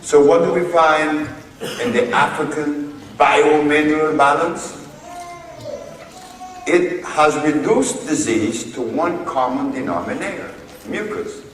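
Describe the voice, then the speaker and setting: Man, herbal lecturer, slow emphatic storyteller, recorded from afar in a large hall. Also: mid-range voice. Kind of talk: recorded lecture retelling a court case. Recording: echoey hall from far off, faint noise.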